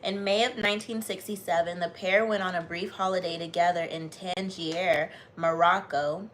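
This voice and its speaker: A woman's voice: on the low side, moderate pace, a little hiss or hum. American woman reading a book aloud live. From United States. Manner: reads with steady emphasis, then breaks off into chatty, bubbly asides. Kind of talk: reading aloud to live viewers, with casual chat.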